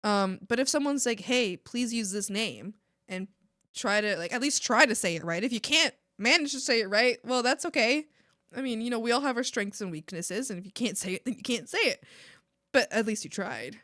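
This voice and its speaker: A young woman from Mexico chatting casually on an art stream, animated and ranting, laughing often and swearing casually. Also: a little high, normal speed, dry recording, studio quality. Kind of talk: casual live-stream chat.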